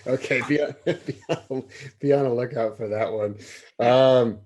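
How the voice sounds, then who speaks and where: A man's voice: medium pitch, unhurried, a little mellow. A man hosting a casual sports podcast, easygoing and steering the talk with questions. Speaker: podcast host.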